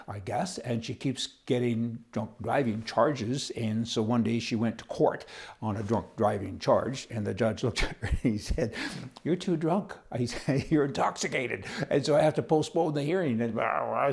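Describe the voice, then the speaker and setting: A man's voice: medium pitch, a little mellow. Man, canadian commentator, jokey, chatty, laughs at own jokes. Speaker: political commentary host. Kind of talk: casual political commentary with jokes.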